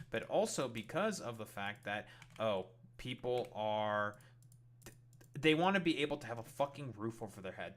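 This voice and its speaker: Bright-voiced man ranting and swearing. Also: mid-range voice. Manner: heated, swears constantly. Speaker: streamer reacting to clips. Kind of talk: profane political rant.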